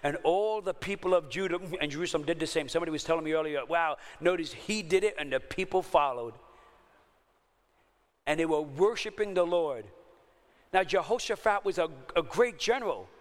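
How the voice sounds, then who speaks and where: A man preaching a sermon as pastor, emphatic, dropping to hushed low lines and rising to urgent raised ones. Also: a little fast, long reverb tail.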